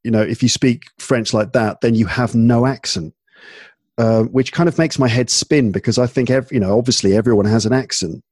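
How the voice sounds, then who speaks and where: A tired man with an English accent talks in a loose, halting way, stopping and restarting his sentences. His voice sits at an everyday middle pitch, and the recording is very dry and close. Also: steady tone, a little mellow, breathy edge, no room sound. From England. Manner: halting, many restarts and fillers. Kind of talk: casual chat. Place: home in Paris at night.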